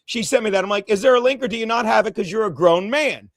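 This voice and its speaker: A man co-hosting a gossip livestream, ranting fast and brashly with lots of swearing. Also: sits high, no room sound, studio quality. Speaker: livestream co-host.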